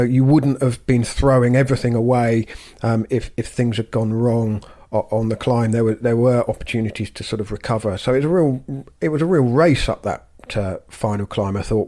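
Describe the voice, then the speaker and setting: A man's voice: mid-range voice, darkish tone. A man co-hosting a sports podcast, talking through his thoughts in a rambling, unscripted way. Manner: rambling, many fillers and restarts, thinking aloud. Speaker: podcast co-host. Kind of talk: casual podcast chat.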